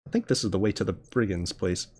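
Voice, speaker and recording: A man's voice: low voice, quick pace, husky. A man hosting a let's play, chatting casually, chuckling and reading the on-screen game text aloud. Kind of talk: casual gameplay commentary.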